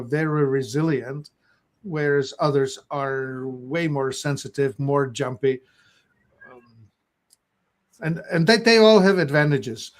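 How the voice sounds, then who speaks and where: A man co-hosting a podcast, reflective and explaining ideas in short, measured phrases. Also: a little high. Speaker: podcast co-host. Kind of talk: casual podcast chat.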